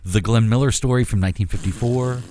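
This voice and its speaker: A man's voice: mid-range voice, quick pace, warm tone. A man co-hosting a podcast in casual chat, reading out a list of favorite films with their years. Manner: reads a list of film titles and years. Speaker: podcast co-host.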